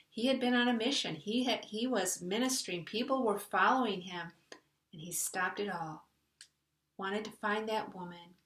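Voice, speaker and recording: A woman's voice: medium pitch, fairly bright tone, far from the mic. A woman hosting a reflective spiritual talk. She speaks earnestly and conversationally. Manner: earnest, conversational, retells a story with voiced quotes. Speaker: host. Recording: echoey room, voice a bit off-mic.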